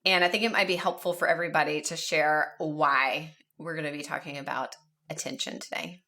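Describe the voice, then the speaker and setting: A woman's voice: sits low, steady tone, brisk, pushed and bright. A woman hosting a podcast, speaking in an upbeat, encouraging way. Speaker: podcast host.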